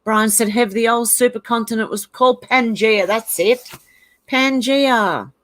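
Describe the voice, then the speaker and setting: A woman's voice: fairly high pitch, measured pace. An Australian woman hosting a casual livestream, reading viewers' comments aloud and chatting about them with frequent laughs. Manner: chatty, reads chat messages aloud, laughs often. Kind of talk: casual live-chat.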